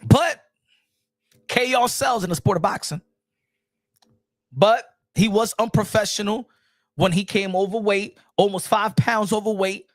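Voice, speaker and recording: Excitable high-voiced boxing livestreamer. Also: male voice, a little slow, no echo, clean studio sound. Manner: excitable, repetitive, mixes in Spanish phrases. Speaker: boxing show host.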